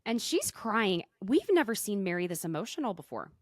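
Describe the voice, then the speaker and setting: A woman hosting a podcast, recapping a show in a chatty, animated way full of quick asides. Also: mid-range voice, no room sound, studio quality. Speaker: podcast host. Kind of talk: casual recap chat. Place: podcast recording.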